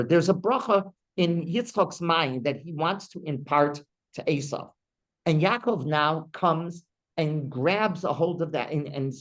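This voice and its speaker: A man, a rabbi teaching a weekly Torah class, who asks his listeners many rhetorical questions and acts out the people in the text. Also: rough recording. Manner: acts out quoted speech with big pitch jumps. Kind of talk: Torah lesson.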